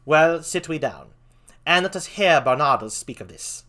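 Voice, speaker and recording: A man voicing a doubting male scholar on guard, in a chosen lower voice. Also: animated, pushed and bright. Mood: doubtful. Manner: measured, lower put-on voice. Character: skeptical male scholar soldier.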